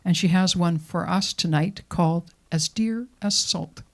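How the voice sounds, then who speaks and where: A woman's voice: fairly low pitch, unhurried, a little hiss or hum. Woman host introducing a teller. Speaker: event host. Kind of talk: introducing a storyteller.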